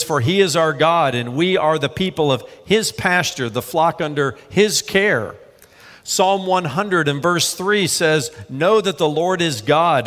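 Pastor preaching in a reverberant hall. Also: male voice, on the high side, a bit bright. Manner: measured preaching, slows for scripture readings. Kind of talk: sermon. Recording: long reverb of a large hall.

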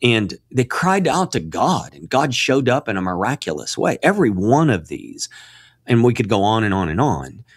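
A man with a lowish, husky voice speaks at normal speed as a guest on a Christian radio interview, with no room sound. He is earnest and preacherly, often restarting and repeating words, and rises to emphatic peaks when excited.

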